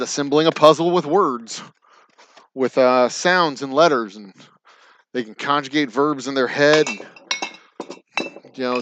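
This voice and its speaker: A man's voice: medium pitch, muffled recording. A man with a Texan accent chatting casually and profanely while bottling whiskey on a distillery floor, joking and counting cases aloud. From Texas. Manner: rambling, joking, profane, counts aloud under his breath. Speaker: distiller and livestream host. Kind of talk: casual rambling chat while working.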